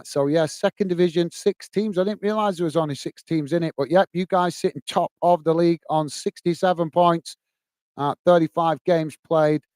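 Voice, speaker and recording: A man chats casually on a livestream, a little higher-pitched than most men. His voice is smooth and clear, and the recording is dry and close with no room sound. He talks easily to his viewers and calls them mate. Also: darkish tone, no echo. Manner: chatty, addresses viewers as mate; reads out chat comments. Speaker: livestream host.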